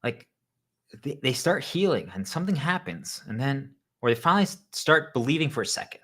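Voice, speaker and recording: A man's voice: mid-range voice, very animated, fairly quick, a bit bright. A man speaking straight to the listener in a role-play monologue, rambling and joking as if a little tipsy.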